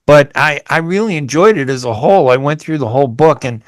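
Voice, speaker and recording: A man's voice: on the high side, brisk, no echo. A man hosting a radio interview, chatty and rambling, often restarting his sentences. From United States. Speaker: radio host. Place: radio studio.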